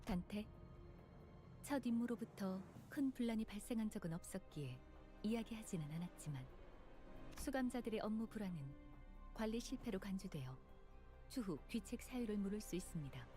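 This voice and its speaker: A woman's voice: medium pitch, animated, racing, pauses often, dark tone, faint music behind, close to an everyday voice. An actress voicing a cold, formal female assistant in a video game, speaking in a clipped, matter-of-fact way. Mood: stern. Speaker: game character dialogue.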